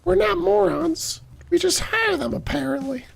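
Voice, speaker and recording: A man voicing a sarcastic police officer in a noir-style detective game, with snarky, deadpan put-downs. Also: extremely high pitch, moderate pace, gravelly, soft background music, pitched above the performer's own voice, heavily acted.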